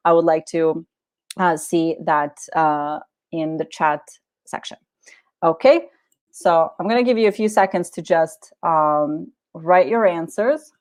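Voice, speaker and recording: Friendly woman presenting a software webinar. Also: low-pitched, slow pace. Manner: friendly, many fillers, talks viewers through clicks. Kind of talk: live software tutorial webinar.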